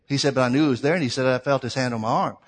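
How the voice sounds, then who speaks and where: A male pastor preaching a sermon, telling a story and swinging between loud, fervent preaching and quiet asides. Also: mid-range voice, rapid-fire. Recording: long hall reverb.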